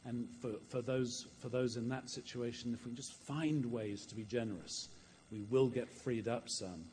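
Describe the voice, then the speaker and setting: A man's voice: medium pitch, fairly even intonation, moderate pace, a little mellow, in a large hall, a little hiss or hum. A man preaching a sermon in a church, earnest and storytelling, often repeating words as he goes.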